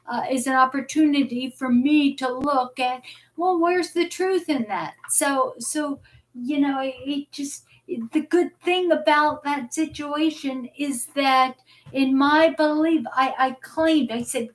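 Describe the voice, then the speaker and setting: A middle-aged woman with a high voice speaks slowly into a webcam at home. She talks earnestly, stumbling and restarting often, as she hosts a live chat. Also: low-quality recording. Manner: halting, many restarts, earnest and devout. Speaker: host of a live chat show. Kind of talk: emotional live-stream chat.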